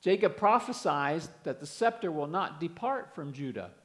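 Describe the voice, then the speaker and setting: A man's voice: on the high side, animated, moderate pace, fairly bright tone. A man preaching a sermon, earnestly explaining and reading scripture aloud with emphasis.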